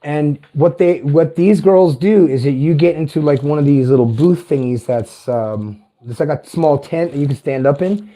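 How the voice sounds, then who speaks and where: A man in his fifties with a light tenor voice pitched a little high for a man, yet mellow and warm in tone. He rambles through a casual vlog monologue, swearing freely and correcting himself mid-sentence. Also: moderate pace, few pauses. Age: 50s. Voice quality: light tenor voice, not deep. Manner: meandering, profane, chatty with self-corrections. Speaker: vlogger.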